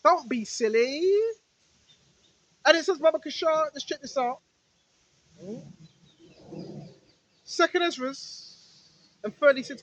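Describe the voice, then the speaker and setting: High-voiced woman preaching in a rambling way. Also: slow, pauses often, low-quality recording. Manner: repetitive, fires rhetorical questions at listeners; talks straight to listeners, now and then shouting rebukes at spirits. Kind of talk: rambling spiritual monologue.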